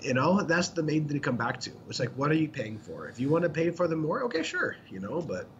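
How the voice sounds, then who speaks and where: A man talks fast and emphatically, cursing freely as he breaks a topic down for his co-host. His voice sits somewhat high for a man. The recording is dull and lo-fi, with a faint hiss underneath. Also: sing-song, fairly bright tone. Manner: blunt, profane, emphatic explaining. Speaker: podcast co-host. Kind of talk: casual podcast chat. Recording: dull lo-fi sound with faint noise.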